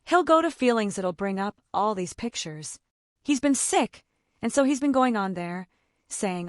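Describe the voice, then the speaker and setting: A mother of autistic children shares casual advice in an unhurried, expressive, mid-range voice. She's chatty, leans on "like" a lot, and acts out the conversations she describes. The recording is dry, with clean studio sound.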